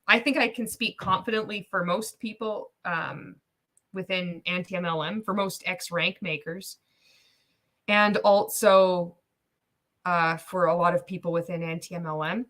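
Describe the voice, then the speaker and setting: A woman's voice: mid-range voice, sharp tone. A woman hosting a casual livestream reaction, chatty and laughing often as she talks. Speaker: host.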